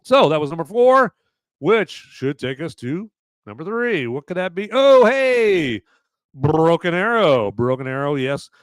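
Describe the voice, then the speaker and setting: A man's voice: sits high, very animated, unhurried, no echo. A man hosting a live movie review podcast, rambling casually with many fillers and swearing. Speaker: podcast host.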